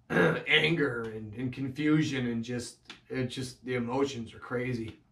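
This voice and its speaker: A man telling his own life story in a halting, emotional way, full of restarts and fillers. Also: medium pitch, steady tone, a bit bright, roomy sound, distant mic. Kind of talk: personal storytelling monologue.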